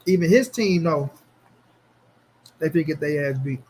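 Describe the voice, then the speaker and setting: A man hosting a casual boxing livestream, speaking in an animated, slangy way as he answers his chat. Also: on the high side, moderate pace, slightly rough. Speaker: boxing commentary channel host.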